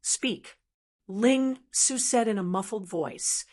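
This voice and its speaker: A woman reading a fantasy novel aloud as an audiobook narrator, in a steady, even storytelling voice. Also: mid-range voice, unhurried.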